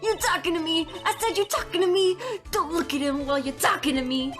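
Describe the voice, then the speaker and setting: A woman's voice: high voice, fast talker, music in the background, close to an everyday voice. A woman voicing a foul-mouthed male ventriloquist puppet who barks insults and demands respect. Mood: bossy. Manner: brash, insulting, commanding.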